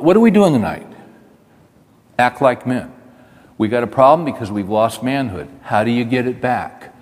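A man's voice: medium pitch, darkish tone. A middle-aged man giving a folksy, repetitive talk in sermon style to a men's gathering, stopping to chat with people in the audience. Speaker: speaker at a men's event. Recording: hall reverb.

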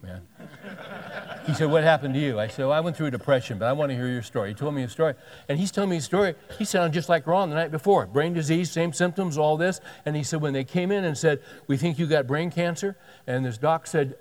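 A man's voice: medium pitch, normal speed, pauses often, darkish tone, long reverb tail. A male pastor telling a story in a sermon, animatedly acting out the dialogue of the people in it.

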